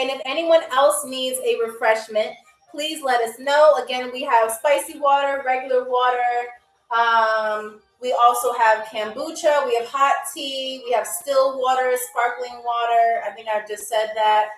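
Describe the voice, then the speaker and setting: Chatty high-voiced woman hosting a live show. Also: moderate pace, distant mic. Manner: chatty, animated, addresses viewers as y'all. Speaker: host playing a flight attendant on a live game show. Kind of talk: playful live-stream role-play as stewardess. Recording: echoey room, off-mic, faint music.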